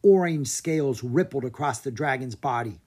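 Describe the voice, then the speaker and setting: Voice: mid-range voice, normal speed, a little mellow, husky. An audiobook narrator reading a children's adventure story aloud, giving each character a voice.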